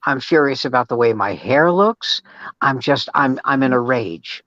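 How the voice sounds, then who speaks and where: An older man, a comedian, telling a story in a loose, profane, animated way during a casual chat. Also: mid-range voice, a little slow, dry recording. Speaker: comedian guest. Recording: dull, dry sound.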